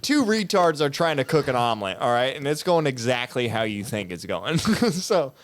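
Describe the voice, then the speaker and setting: A man's voice: medium pitch, very animated, moderate pace. A man chatting casually as a podcast guest, laid-back and teasing. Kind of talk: casual chat.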